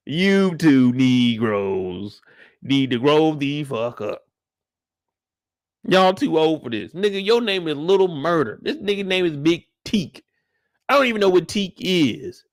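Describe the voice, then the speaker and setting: Young dude ranting about an episode, high voice jumping all over, dry close mic. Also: male voice, no echo. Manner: loud, excitable, slangy storytelling with acted reactions. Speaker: show recap host. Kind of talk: animated solo recap of a TV episode.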